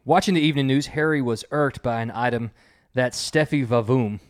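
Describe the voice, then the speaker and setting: A man's voice: medium pitch, a little fast. A man hosting an informal home quiz game, reading jokes aloud and chuckling at them, with a loose style full of fillers. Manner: chuckles at his own jokes. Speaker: quiz host.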